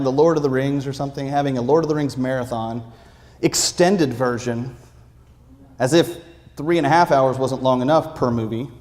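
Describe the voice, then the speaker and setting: A man preaching, telling a lively personal story with acted-out quotes in a church. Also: on the high side. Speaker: pastor. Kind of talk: sermon storytelling. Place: church sanctuary. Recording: long reverb of a church sanctuary.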